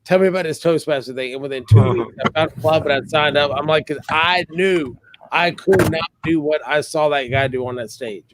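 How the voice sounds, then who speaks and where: A middle-aged man telling a funny story on a podcast, animated and joking. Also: on the high side, moderate pace, noisy background. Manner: animated, joking, acts out quotes. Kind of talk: casual storytelling.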